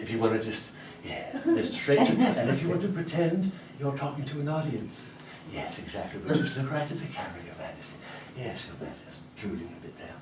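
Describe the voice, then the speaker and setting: A man playing a fussy, fawning TV director who coaxes in a hushed voice. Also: a little high, heavily acted. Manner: hushed, coaxing, quick asides. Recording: roomy club from far off, background noise.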